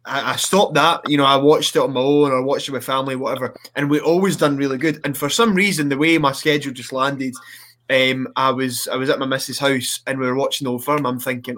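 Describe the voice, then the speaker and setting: A man's voice: mid-range voice, fairly even intonation, a little fast, a bit bright. A man, a wrestler guest, telling stories in a casual podcast chat on a video call, full of restarts. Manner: storytelling, lots of restarts, laughs often.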